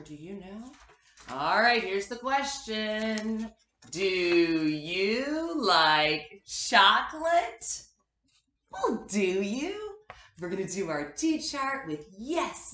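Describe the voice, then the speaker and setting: A woman teaching a kindergarten class its morning meeting, slow and encouraging as she speaks to small children. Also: mid-range voice, fairly bright tone, roomy sound, slight background noise.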